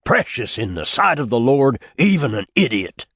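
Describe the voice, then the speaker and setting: A man's voice: on the low side, very animated, a little slow, a bit bright, husky, no echo, studio quality, exaggerated voice. A man voicing a fierce old backwoods prophet in his eighties who hollers with zeal in a rural drawl. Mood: zealous, shouting.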